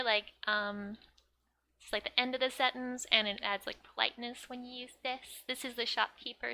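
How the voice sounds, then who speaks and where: Slow, bright woman explaining manga. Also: fairly high pitch, creaky. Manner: chatty, many "like" fillers, laughs often. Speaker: Japanese teacher. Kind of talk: casual manga lesson.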